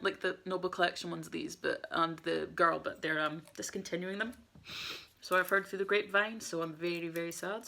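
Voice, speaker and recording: A woman in her twenties with a low, gravelly voice, talking her way through a building project. She chats casually, gets flustered fast and mutters half to herself. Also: a bit bright, a little hiss or hum. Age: 20s. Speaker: vlogger. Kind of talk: casual chat while building a model set.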